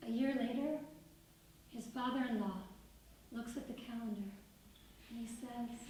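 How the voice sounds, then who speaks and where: A woman's voice: a little high, measured pace, pauses often, slight background noise. Woman storyteller, distant and echoey. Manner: warm, intimate address. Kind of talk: live storytelling. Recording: echoey room from far off, music behind.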